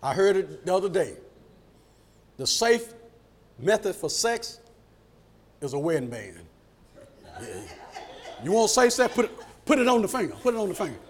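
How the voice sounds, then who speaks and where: Preacher guy, high voice that swings all over, gets shouty. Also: normal speed, pauses often. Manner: animated, shouts at peaks and acts out quoted voices. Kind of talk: sermon.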